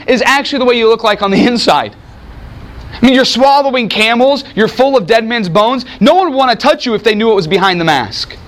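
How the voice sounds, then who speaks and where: A man preaching a sermon in an animated, conversational way, with sudden swings in how he delivers lines. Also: extremely high pitch. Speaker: pastor.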